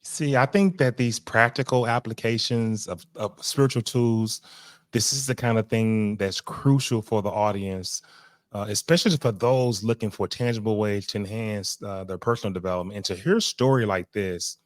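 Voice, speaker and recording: A male podcast host with a lowish voice asks his guest questions in a measured way, pausing on fillers. The recording is dry and close, without room sound. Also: no echo. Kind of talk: interview.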